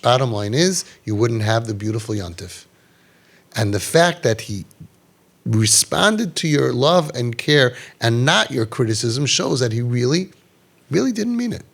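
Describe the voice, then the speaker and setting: Man, animated, counsels parents, Hebrew and Yiddish phrases, mid-pitched voice. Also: measured pace, vocal fry. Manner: animated, acts out quoted parents and kids in raised voices; sprinkles Hebrew and Yiddish religious terms. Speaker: parenting podcast host giving guidance. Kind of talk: passionate advice talk to parents.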